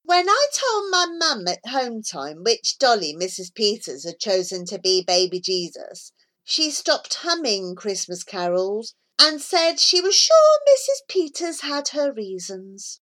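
A woman narrating a children's book aloud, telling it in a lively, childlike first-person way. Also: a little high, a little slow. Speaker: audiobook narrator.

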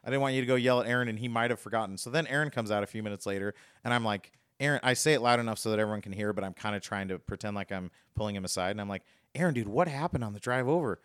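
A man's voice: lowish voice, fairly even intonation, racing, hardly any pauses, fairly bright tone, clean tone, no room sound, clean studio sound. A man co-hosting a casual podcast chat, rambling through a story with frequent laughs. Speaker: podcast host.

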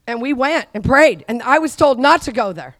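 High-voiced preaching woman, dry sound. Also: expressive, moderate pace, dry recording. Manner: exhorting, call-and-response with the audience, rising to shouts. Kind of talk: charismatic sermon.

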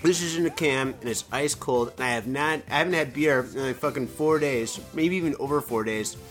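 At home indoors in Japan, a man hosts a casual solo podcast, drinking and getting a bit tipsy as he rambles and swears in an animated way. His voice is medium-pitched and brisk, with soft music playing in the background.

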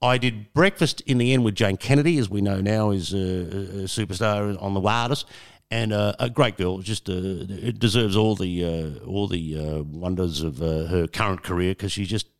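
A man's voice: sits low, moderate pace. A man in his fifties with an Australian accent, a former radio presenter telling long rambling anecdotes with restarts and the odd swear word. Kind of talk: casual storytelling interview.

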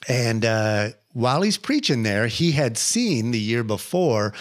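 A man's voice: medium pitch, measured pace. Young man telling a story. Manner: animated retelling with laughs and acted-out quotes. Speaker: podcast host. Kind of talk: casual storytelling interview.

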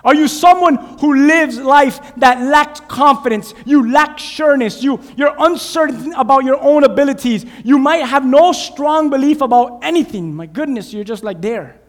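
A man preaching a sermon as pastor, telling stories with lively swings from loud to hushed. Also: extremely high pitch, normal speed, few pauses. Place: church sanctuary. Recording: long reverb of a large hall.

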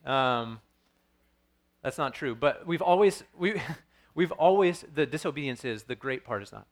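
A man's voice: mid-range voice, expressive, unhurried. A man in his thirties preaching a sermon as pastor, earnest and storytelling, with frequent restarts.

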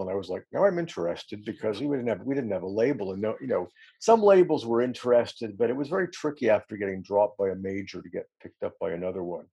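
A middle-aged man recalls his band's history in a casual, rambling interview. His voice is low and dark, with a gravelly, husky grain. He laughs easily and pokes fun at himself. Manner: rambling storyteller, self-deprecating, laughs often. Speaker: musician guest.

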